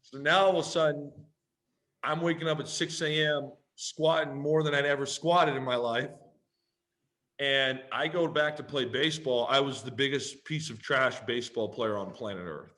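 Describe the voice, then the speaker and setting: A man, a podcast guest telling a story in a lively, profane way and acting out both sides of the conversation. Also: mid-range voice, normal speed. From Canada. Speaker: podcast guest, pro football player. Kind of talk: casual storytelling.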